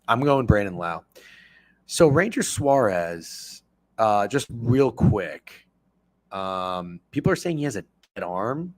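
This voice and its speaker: A man in his thirties hosting a sports betting stream, talking casually and excitably with lots of profanity while reacting to his chat. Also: fairly low pitch, slow, no room sound. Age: 30s.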